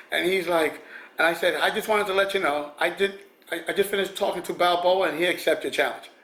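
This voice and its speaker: A man tells his stories casually to the camera, rambling and restarting often with small chuckles. His voice sits slightly high. The room around him rings with echo. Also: fairly bright tone. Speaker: vlogger. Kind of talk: casual storytelling. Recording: echoey room.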